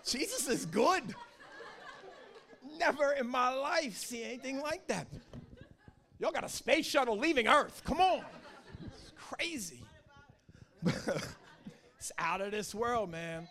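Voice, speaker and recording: High-voiced joking man preaching. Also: takes it slowly, pauses often. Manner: joking, animated, talks to the crowd. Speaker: guest preacher. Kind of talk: sermon. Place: church service.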